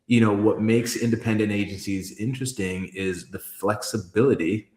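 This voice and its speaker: Emphatic low-voiced man in an echoey room. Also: moderate pace, a little mellow. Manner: emphatic, profane, storytelling with many restarts. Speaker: guest, creative executive. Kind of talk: candid conversational interview.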